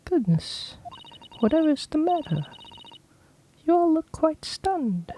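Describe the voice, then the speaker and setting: A woman's voice: high-pitched, very animated, takes it slowly, dark tone, a little hiss or hum, voice pushed up, heavily acted, poor audio. A woman voicing a haughty, scornful English noblewoman in a fan voice-over of a video game, talking down to everyone with sneering condescension.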